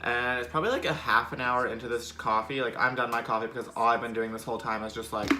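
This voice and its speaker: A man's voice: medium pitch, steady tone, fast, background noise. A young man telling a storytime vlog in a casual, sarcastic way, full of fillers. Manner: chatty, filler-heavy, sarcastic. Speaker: vlogger.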